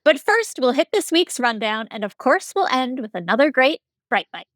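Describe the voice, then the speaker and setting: A female podcast co-host with a higher voice, explaining stories in relaxed casual chat. The sound is dry and close. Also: moderate pace, dry recording.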